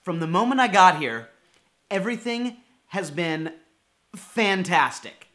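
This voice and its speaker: A man's voice: sits high, sing-song, measured pace, bright, forceful tone. A young man narrates his travels to camera in a casual vlog style. He is upbeat and chatty, and he talks straight to his viewers as he goes. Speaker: travel vlogger.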